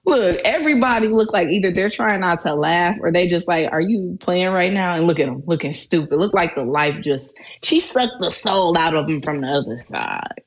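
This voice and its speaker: Animated joking woman, lively pitch. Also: normal speed, highs cut off. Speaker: co-host. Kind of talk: casual reaction chat.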